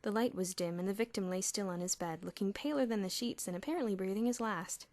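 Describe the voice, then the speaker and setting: A woman's voice: medium pitch, quick pace, a little mellow, no room sound. A woman narrating an audiobook expressively, with audible lip-smacking. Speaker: audiobook reader. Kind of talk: storybook narration. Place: home room with traffic nearby.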